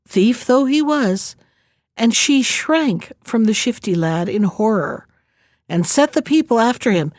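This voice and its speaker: Woman reading a fairy tale, kinda high voice, close and dry, steady pace. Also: dry recording. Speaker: narrator. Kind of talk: storybook reading.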